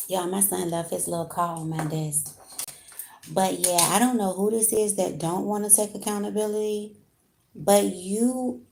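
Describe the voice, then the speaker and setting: Chatty woman reading tarot cards, gravelly voice. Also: on the low side, warm tone. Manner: chatty, talks straight to viewers with slang. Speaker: tarot card reader. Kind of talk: casual live tarot reading. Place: home room with heat on.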